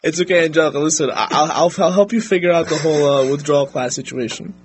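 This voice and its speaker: A man's voice: fairly high pitch, quick pace, soft background music. A young man laughing and teasing a girl on a prank call, in casual slang. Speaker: friend making a prank call.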